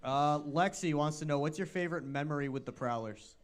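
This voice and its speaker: A man's voice: on the high side, brisk, smooth. A man hosting a casual team show, teasing and reading out fan questions. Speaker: show host. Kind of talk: casual chat.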